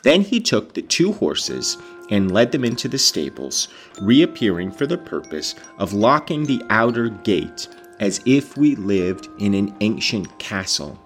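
A man with a lowish voice reads a novel aloud, his pitch rising and falling in a lively way. He keeps stopping to explain lines and react with casual, salty remarks. Faint music sits under his voice. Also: unhurried. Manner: breaks off to explain and react, swears. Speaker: audiobook reader. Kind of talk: reading aloud with casual commentary.

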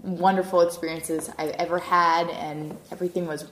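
Woman guest, gushing and excited, roomy sound. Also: on the low side, normal speed, a little hiss or hum. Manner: gushing, breathless thanks. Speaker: contest winner guest. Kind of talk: casual chat.

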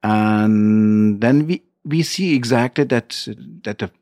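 German-accented man, halting English, dry sound. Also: fairly low pitch, warm tone, dry recording. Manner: halting non-native English with fillers and restarts. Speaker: winery owner guest. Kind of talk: interview.

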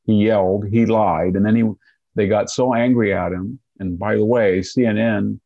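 Older male commentator, 60s, gravelly and dry-sounding, sarcastic, mimics opponents. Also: on the low side, steady tone, moderate pace, no echo, phone-quality sound. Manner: sardonic, mocks opponents in quoted voices. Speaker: guest commentator. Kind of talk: political commentary interview.

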